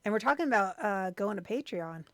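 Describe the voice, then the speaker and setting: A woman's voice: medium pitch, animated, brisk, no echo. A woman co-hosting a casual podcast, breezy and upbeat with casual swearing, on a close mic. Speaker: podcast co-host.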